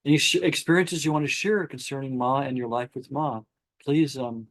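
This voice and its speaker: A man hosting a spiritual gathering, reading a devotional account aloud at an unhurried pace and stopping to comment before opening the floor to discussion. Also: medium pitch, a bit bright, no room sound. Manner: reads slowly, stopping to comment and restart phrases. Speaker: satsang host.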